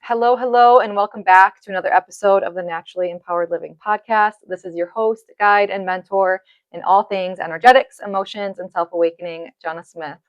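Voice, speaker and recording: A woman's voice: medium pitch, steady tone, brisk, hardly any pauses, no echo, muffled recording, soft background music. A woman hosting a podcast in an office, speaking in an effusive, gushing and emotional way. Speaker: podcast host. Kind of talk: heartfelt podcast conversation. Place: office space, indoors.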